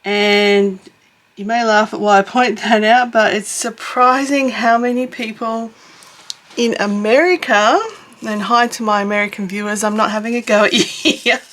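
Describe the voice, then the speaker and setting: A woman's voice: mid-range voice, steady tone, normal speed, a bit bright. A middle-aged Australian woman chatting casually to her channel while crafting, rambling and correcting herself, with small chuckles. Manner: rambling, self-correcting, chuckles as she talks. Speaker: YouTube crafter and vlogger. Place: home, in a suburb.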